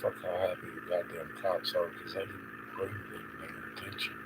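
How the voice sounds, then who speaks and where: A man's voice: low-pitched, level tone, normal speed, heavy background noise. A man live-streaming an unscripted monologue, agitated, swearing and rambling. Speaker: livestreamer.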